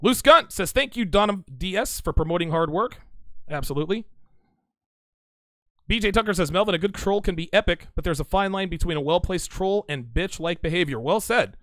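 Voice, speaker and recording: A man's voice: sits high, lively intonation, brisk, sharp tone, dry recording, studio quality. A man hosting a casual live stream, reading viewer chat aloud and answering with blunt, teasing banter. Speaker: livestream host reading chat.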